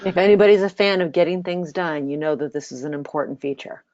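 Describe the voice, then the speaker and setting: A woman co-hosting a webinar who cuts in briskly and casually to pass on viewers' requests. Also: sits low, darkish tone, no echo. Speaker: webinar co-host. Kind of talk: moderating a webinar. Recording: dull lo-fi webinar audio.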